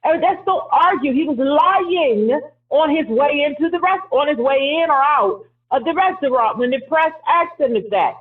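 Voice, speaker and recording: A man's voice: very high-pitched, lively intonation, moderate pace. A man hosting a call-in show, insistently repeating his point and talking over a caller in a heated debate. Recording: phone-line audio.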